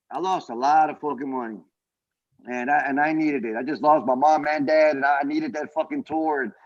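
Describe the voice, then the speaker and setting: A man, a guest comedian on a podcast, telling stories in casual chat, profane and animated, acting out what others said. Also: on the high side, highs cut off. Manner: animated storytelling, profane, acts out quotes.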